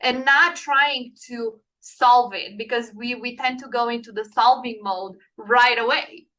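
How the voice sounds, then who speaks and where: Woman guest, earnest and encouraging, bright and a touch high. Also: a little slow, low-quality recording. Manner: earnest, encouraging, speaks softly when quoting comforting words. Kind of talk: casual conversation.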